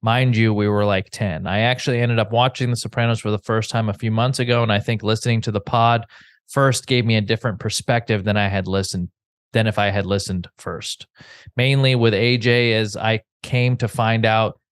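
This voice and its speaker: A man's voice: on the low side, steady tone, clear, resonant tone, dry recording. Man reading listener emails on a podcast, dry close sound, hesitant. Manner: halting, hesitant with names. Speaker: podcast host. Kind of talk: reading listener letters aloud.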